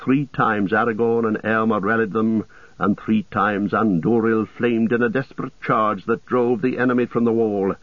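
A man narrating an audiobook in a steady, measured way, over a tinny radio-like sound. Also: fairly low pitch, dry recording.

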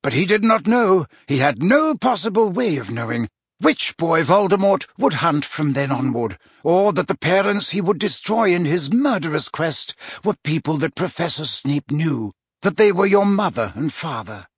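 A man voicing a grave, gentle old wizard. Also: fairly high pitch, lively intonation, slightly rough, no echo, studio quality, voice pushed up. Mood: earnest. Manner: measured, gentle and deliberate. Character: wise elderly male wizard headmaster, calm and grave. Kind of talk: audiobook character reading.

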